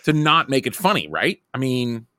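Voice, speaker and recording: Man, 30s, podcast co-host, rambling and animated, swings up and down in pitch, dry close mic. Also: moderate pace, no room sound. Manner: lively, rambling, lots of "like" and restarts. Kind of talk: casual chat.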